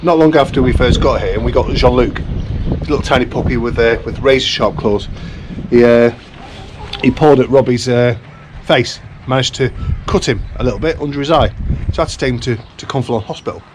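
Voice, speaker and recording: A fifty-something man chats to camera in a relaxed vlog, full of slang, mumbling and letting his sentences trail off. His voice sits at an ordinary middle pitch. There is a faint hum of noise behind him, with now and then a vehicle going by. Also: fairly quick. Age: 50s. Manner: mumbling, tails off at ends, chatty with slang. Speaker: vlogger. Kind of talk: casual chat to camera. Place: farmhouse under renovation in the countryside.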